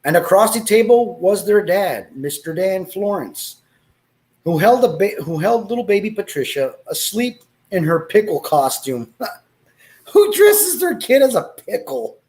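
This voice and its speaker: A man's voice: high-pitched, big pitch swings, measured pace, darkish tone. A man reading a story aloud, breaking off to laugh and make asides, with Spanish exclamations.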